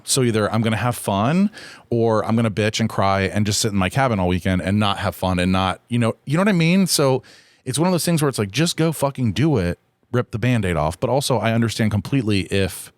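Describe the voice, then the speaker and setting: In a clean, dry studio recording, a man with a fairly low, expressive voice talks fast while hosting a casual solo podcast. He rambles candidly, swears freely, and often makes fun of himself.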